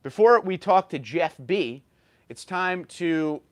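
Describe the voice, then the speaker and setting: A New York man in his thirties hosts a casual livestream, reading viewers' chat messages aloud and answering them. His voice is a little high and sing-song, a bit slow, and he sounds somewhat tired, stumbling over words now and then in a chatty way.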